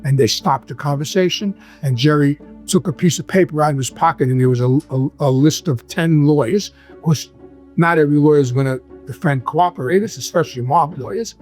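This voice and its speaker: Man, New York accent, rambling storyteller, slightly high pitch, quotes people as he goes. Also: a little fast, a little mellow, soft background music. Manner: rambling, acts out quoted dialogue. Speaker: guest telling his life story. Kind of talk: casual storytelling.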